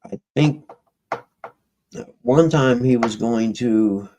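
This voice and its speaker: A man with a medium-pitched, mellow voice talks extremely slowly to his livestream viewers, rambling in a folksy way and often trailing off before starting over. The recording is rough, with a little hiss or hum.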